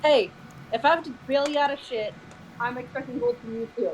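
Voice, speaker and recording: A woman's voice: high-pitched, a little fast, a little hiss or hum, low-quality recording. A woman playing a tabletop game, playful and casual, swearing and laughing. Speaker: player. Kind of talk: casual chat, in-character play.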